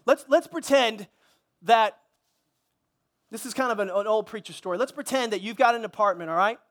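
A man's voice: high-pitched, normal speed, a bit bright. A male pastor preaching a sermon at a church service, conversational, with repeated words and restarts.

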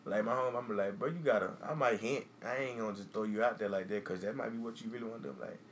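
A fast-talking man with a low, gravelly voice, chatting bluntly on a podcast. He swears freely and acts out the lines he would say. Faint background noise sits under the voice. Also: fairly even intonation. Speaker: podcast co-host. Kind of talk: casual chat.

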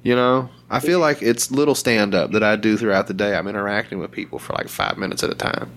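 A man's voice: mid-range voice, fairly quick, hardly any pauses. Profane, laughing man in casual chat. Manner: profane, laughs often, animated storytelling.

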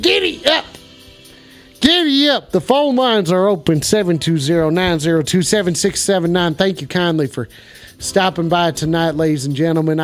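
A man with a notably high voice plays a rowdy, foul-mouthed cowboy host on a joke call-in show. He drawls, swears freely and breaks into whooping yells, with faint music somewhere in the background. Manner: rowdy, profane cowboy persona; bursts into whooping shouts. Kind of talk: improvised comedy bit.

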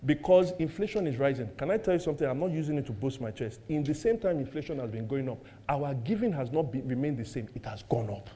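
Speaking quickly with medium pitch and hardly a pause, a middle-aged pastor with a Nigerian accent preaches energetically, posing rhetorical questions and joking about his family at home. A faint hiss or hum sits under the recording.

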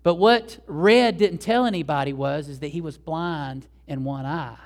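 A man's voice: a little high, measured pace. A male pastor giving a sermon, telling a story in a conversational way with asides to the congregation.

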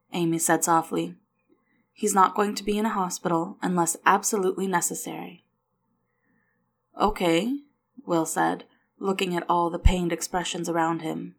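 A woman narrating a novel aloud, reading the dialogue softly and without strong character voices. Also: fairly low pitch, flat delivery, unhurried, gravelly. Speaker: audiobook narrator. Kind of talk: scripted narration.

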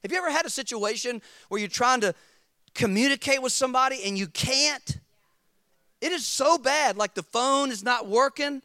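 A man preaching a sermon as pastor, animated and emphatic, acting out his stories. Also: extremely high pitch, a little fast, dry recording, clean studio sound.

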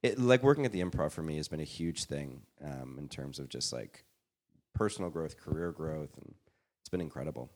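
A man in his thirties from Canada, a podcast guest telling animated stories in casual chat and acting out what people said. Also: rumbling low, a little fast. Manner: animated storyteller, acts out quotes. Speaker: podcast guest, improviser and pianist.

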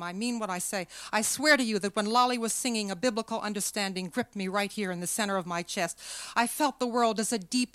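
A woman's voice: mid-range voice, a bit bright, clear, resonant tone, dry recording, natural voice. A woman reading aloud, voicing a dreamy grown daughter who speaks with fervent reverence.

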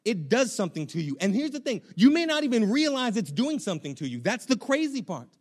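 A young man, a pastor, preaching a sermon in an animated, conversational way with casual slang. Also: high voice, fast talker.

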